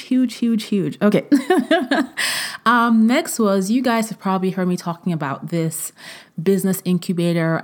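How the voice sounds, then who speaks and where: A woman's voice: fairly low pitch, darkish tone. A woman in her thirties hosting a solo podcast, talking effusively and emotionally, with frequent fillers and repeated words. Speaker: podcast host.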